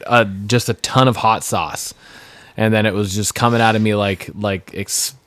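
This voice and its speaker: A man co-hosting a casual wrestling podcast, chatty and relaxed, with frequent laughs and fillers. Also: on the low side, moderate pace, clean tone. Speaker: podcast co-host.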